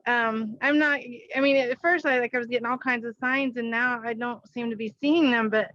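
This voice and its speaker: A woman's voice: a little high, steady tone, moderate pace, highs cut off. A woman client at a reading, speaking hesitantly and laughing often. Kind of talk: casual conversation.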